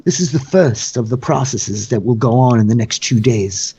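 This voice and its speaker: A man voicing a courteous but menacing male noble official, speaking in a smooth, mock-gracious manner. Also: mid-range voice, moderate pace, mellow, muffled recording. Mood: ceremonial.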